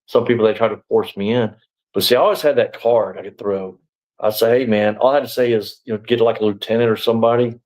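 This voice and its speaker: A man's voice: on the low side, a little mellow, poor audio. A middle-aged man telling his story as an interview guest, rambling and blunt, full of "you know" and restarts. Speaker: interview guest, former sheriff's deputy.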